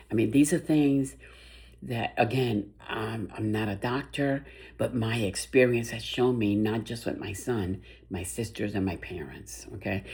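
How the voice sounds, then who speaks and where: An older woman telling a personal story about her son's illness in a soft, halting, emotional way, with many restarts. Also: a bass voice. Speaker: bereaved mother.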